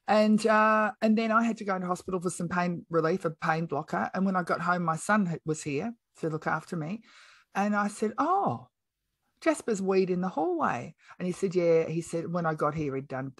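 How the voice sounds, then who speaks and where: Her voice is on the low side with a breathy edge and no echo. This middle-aged podcast guest tells a story in casual, outspoken chat, animatedly acting out the lines of those she quotes.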